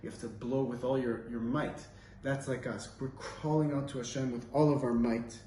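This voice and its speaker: A man's voice: medium pitch, fairly even intonation, normal speed, dark tone, slight background noise. Casual man teaching in an echoey room. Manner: casual, rambling, with frequent fillers. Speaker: Torah teacher. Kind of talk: informal Torah talk with storytelling. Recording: roomy, distant mic, faint ambience.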